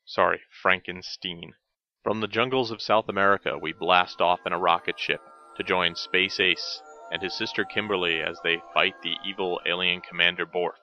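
A man's voice: low-pitched, steady tone, normal speed, sharp tone, muffled recording, soft background music. A man narrating a scripted retro cartoon review as host, with dry joking asides.

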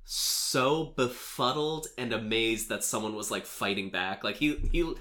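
A man's voice: mid-range voice, a little slow, bright, forceful tone. A man hosting a casual chat show, recapping a film in a rambling way with lots of filler words and laughs. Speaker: podcast host recapping a film.

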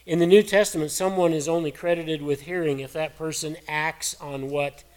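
A middle-aged man preaching a sermon in a folksy, earnest, conversational way, his voice hoarse and cracking. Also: on the high side, steady tone, moderate pace, darkish tone. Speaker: pastor.

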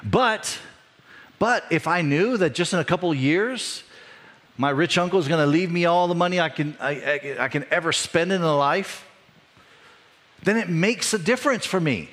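A middle-aged male pastor preaching in a conversational way, his voice rising for emphasis and dropping low when he reflects. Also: moderate pace, a bit bright. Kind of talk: sermon.

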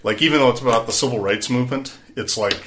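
A man's voice: medium pitch, quick pace, background noise. A man narrating a tabletop game as game master, rambling and conversational, with many fillers.

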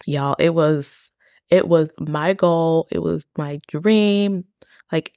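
A woman's voice: low voice, takes it slowly, warm tone, dry recording, studio quality. A woman hosting a faith-based podcast, talking casually, often laughing and saying "like" and "y'all". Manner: chatty, laughs often, many "like" and "y'all" fillers. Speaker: podcast host.

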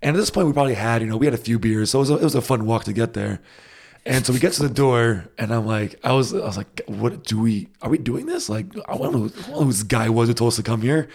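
A man's voice: mid-range voice, quick pace, vocal fry. A man telling a travel story in casual chat, with many fillers and restarts. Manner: rambling, animated anecdotes with many fillers and restarts.

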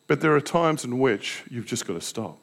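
A man's voice: medium pitch, big pitch swings, moderate pace, gravelly, fairly bright tone. A pastor preaching a sermon in a candid, self-deprecating way, telling personal stories and asking his listeners rhetorical questions.

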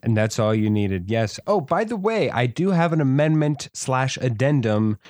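A man's voice: medium pitch, sing-song, moderate pace, a little mellow, dry recording, clean studio sound. A man co-hosting a podcast, talking in a rambling, easygoing way. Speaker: podcast co-host. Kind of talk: casual chat.

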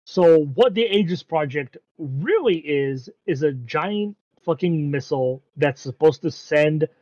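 A man's voice: a little high, expressive, a little slow, a little mellow, no echo, lo-fi sound. A man casually recapping an anime episode, rambling with frequent ums and casual swearing.

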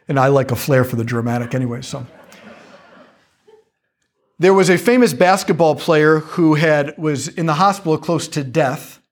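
A man giving a casual, conversational talk on faith, animated, with jokey asides. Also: fairly high pitch.

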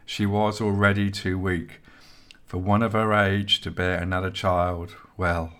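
A grave old village healer delivers bad news softly and evenly, as a man reads her. Her speech is hushed and measured. The voice sits very low. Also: flat delivery, smooth. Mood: solemn. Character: eldest old healer woman, solemn, sad.

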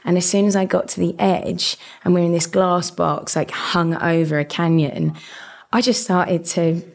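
A woman's voice: on the low side, normal speed. A young woman with a South East London accent, chatting casually as a podcast guest and laughing often while telling stories. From England. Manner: lively storyteller, laughs often. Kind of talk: casual chat.

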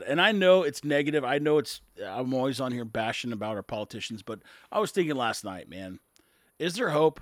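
A man's voice: on the high side, fairly bright tone, no room sound, studio quality. Blunt, exasperated man ranting. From United States. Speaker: business owner commentator. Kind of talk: casual political rant to camera.

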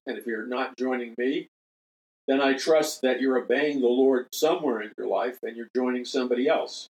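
On a roughly recorded religious talk radio show, an older man who hosts and ministers speaks emphatically with a medium-pitched voice. He repeats key phrases and makes earnest appeals to his listeners.

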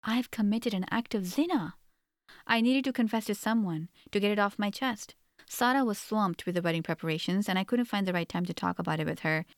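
A woman's voice: medium pitch, a little fast, dry recording, studio quality. A woman narrating a first-person novel in an earnest, reflective manner. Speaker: audiobook narrator.

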